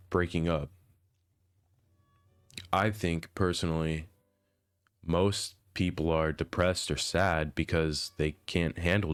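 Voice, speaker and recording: A young man reading a personal diary entry aloud and then reflecting on it, in a soft, earnest, hesitant way that often trails off quietly. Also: a bass voice, clean tone, no room sound. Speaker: vlogger. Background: faint instrumental music.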